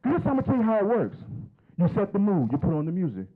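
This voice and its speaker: Stand-up comic, man in his fifties, animated delivery, tinny lo-fi audio. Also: high voice, fast. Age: 50s. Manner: chatty, teasing the crowd with questions. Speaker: stand-up comedian. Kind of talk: stand-up comedy set. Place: stage at a comedy show.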